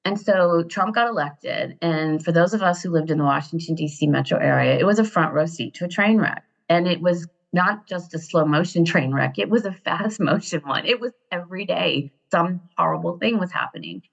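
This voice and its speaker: Fifties American woman, interview guest; low, husky-fried timbre; lively rambling anecdotes; lo-fi recording. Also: moderate pace, few pauses. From Ohio, USA. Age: 50s. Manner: animated, digressive storyteller who laughs often. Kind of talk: casual storytelling interview. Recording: dull lo-fi sound.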